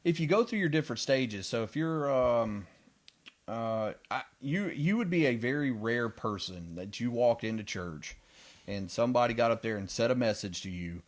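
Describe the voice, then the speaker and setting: Animated pastor telling stories. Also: male voice, moderate pace. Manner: animated storyteller, voice rising high when retelling excited moments. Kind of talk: casual podcast discussion.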